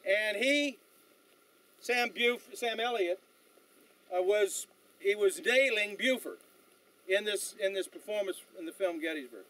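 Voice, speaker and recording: A man leading a battlefield tour outdoors, telling stories in an animated way with frequent fillers and restarts. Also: sits high, rough recording. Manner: animated storyteller, halting with fillers. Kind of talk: outdoor guided tour talk.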